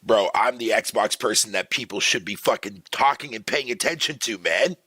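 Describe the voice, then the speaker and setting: A man's voice: fairly low pitch, normal speed, bright, forceful tone, breathy edge, no room sound. A man streaming live, ranting profanely to his chat in a casual, exasperated way. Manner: talks to chat viewers by name.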